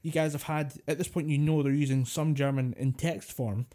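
A man talks casually as a podcast co-host. His voice is mellow and relaxed. He often breaks into laughter. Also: a little high, moderate pace. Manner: chatty, laughs at his own jokes. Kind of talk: casual chat.

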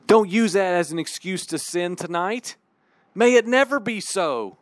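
Animated slow-preaching man. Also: high-pitched, dry recording, clean studio sound. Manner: animated, emphatic, candid. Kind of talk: sermon.

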